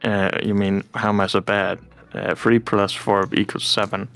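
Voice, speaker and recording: Player, man, low gravelly voice, laid-back, faint music behind. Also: little pitch movement, moderate pace, fairly bright tone. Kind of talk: casual chat while playing a tabletop game.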